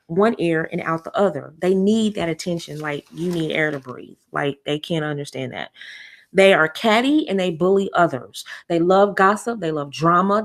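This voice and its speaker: On a casual livestream, a woman hands out relationship advice in an animated, chatty style. She leans on fillers and repeats herself a lot, and whenever she quotes someone she jumps into a high, mocking voice.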